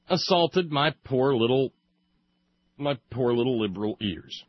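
A radio commentator with a mid-range voice sounds animated yet talks a little slowly through a long sarcastic monologue, gradually building to comic outbursts. There's no room sound, and the recording is muffled and lo-fi.

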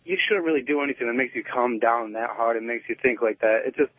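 Male radio caller, rapid and rambling, tinny phone line, slightly breathless. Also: mid-range voice, slightly rough, dry recording. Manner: rambling, lots of "like" and "you know". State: a bit out of breath. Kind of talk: call-in to a radio show.

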